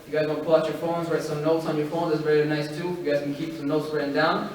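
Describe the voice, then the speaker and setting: A man's voice: on the high side, flat delivery, fast talker. A man giving a religious study-circle talk. He recites Arabic scripture, explains it in English, numbers his points and asks the audience rhetorical questions. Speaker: halaqa speaker. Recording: very echoey hall, distant mic, faint noise.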